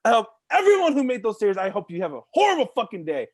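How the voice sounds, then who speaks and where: A man on a podcast, ranting heatedly and swearing, with shouted outbursts. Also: high-pitched, wildly swooping pitch, very fast, hardly any pauses, no room sound. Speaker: podcast guest. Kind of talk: casual ranting chat.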